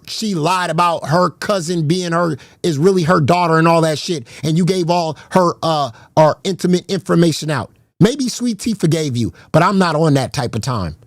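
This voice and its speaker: A man rants to his stream audience, raised in pitch and heated, repeating his points and swearing at rivals. The sound is dry and close, with no room around it. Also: no room sound. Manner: confrontational, profane, repeats himself. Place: garage.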